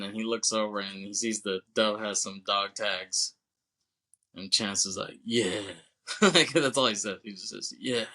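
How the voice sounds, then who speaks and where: A man co-hosting a podcast, casually retelling a film scene by scene and dropping into quick quoted lines with laughter. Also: lowish voice, bright, forceful tone. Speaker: podcast co-host. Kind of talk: casual movie recap.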